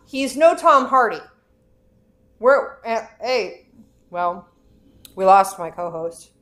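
A woman's voice: medium pitch, expressive, slow pace, a bit bright. A woman co-hosting a podcast in casual chat, teasing her partner with blunt interjections. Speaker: podcast co-host.

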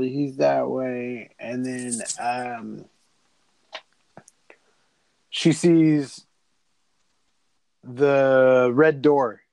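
A young man in casual podcast chat, retelling a horror movie with profanity, rambling asides and quick character voices. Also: mid-range voice, darkish tone, no room sound, rough recording. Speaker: podcast co-host.

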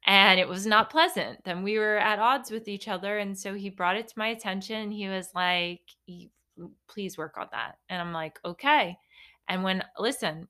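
A young woman talks straight to her podcast listeners, easy and conversational. Her voice is bright and forceful. She tells her stories in a lively way and pokes fun at herself. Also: medium pitch. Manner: chatty, animated storytelling with playful self-mockery. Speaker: podcast host. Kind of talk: casual solo podcast monologue.

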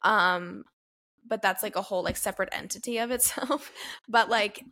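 A woman in her twenties co-hosting a podcast, talking casually with lots of "like" and lively retellings. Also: medium pitch, normal speed. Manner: chatty, heavy use of "like", animated retellings. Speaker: podcast co-host. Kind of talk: casual chat.

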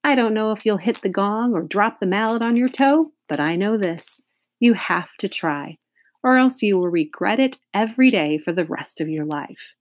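A woman's voice: mid-range voice, expressive, moderate pace, no echo, studio quality, pitched above the performer's own voice, close to an everyday voice. A woman reading as a kindly, coaxing yard teacher. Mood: encouraging. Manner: gently earnest, coaxing. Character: friendly adult male yard teacher, encouraging.

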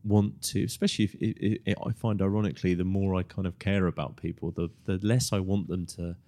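A man's voice: low voice, fairly even intonation, fast talker, dark tone. A man hosting a podcast, speaking reflectively in casual conversation, often repeating words as he gathers his thoughts. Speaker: podcast host.

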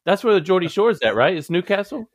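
A man's voice: high voice, big pitch swings, fast, no echo. A man hosting a podcast, teasing and joking in casual banter with his guest. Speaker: podcast host.

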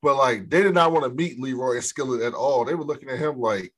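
A man's voice: mid-range voice, fast talker. Man, podcast co-host, mid-range voice, laughs a lot, profane, casual movie recap.

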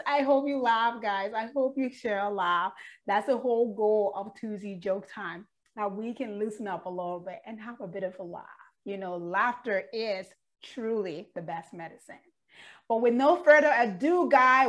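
A woman's voice: fairly high pitch, normal speed. A woman hosting an online show, talking in an upbeat, enthusiastic way and laughing often. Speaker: show host. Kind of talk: casual chat.

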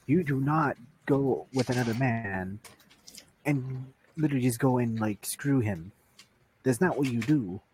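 A man's voice: medium pitch, a little slow, darkish tone, slight background noise, rough recording. A young man co-hosting a casual podcast, blunt, who repeats himself when he gets going.

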